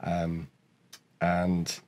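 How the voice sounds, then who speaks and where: A middle-aged man from England talks in a casual interview with a very low voice. He recounts his experience earnestly and plainly, sometimes acting out what others said. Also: completely flat delivery, drawn-out words, a little mellow. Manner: earnest storytelling, acts out quoted voices. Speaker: interview guest. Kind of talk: casual conversation.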